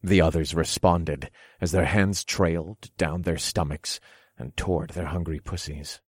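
A man narrating an erotic audiobook in the first person, calm and commanding. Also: low-pitched, a little slow, husky, no room sound, studio quality.

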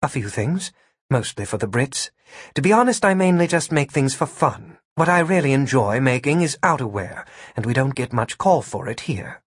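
Male narrator putting on a soft, hesitant woman, husky, storybook reading. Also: medium pitch, sing-song, normal speed, no echo, clean studio sound. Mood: guarded. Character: adult woman dressmaker, guarded but polite.

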